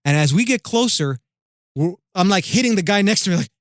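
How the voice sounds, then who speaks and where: Man spinning a lively story, dry sound. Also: high-pitched, a little fast, dry recording. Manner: animated storyteller with many restarts. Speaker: guest radio host. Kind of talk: casual storytelling chat.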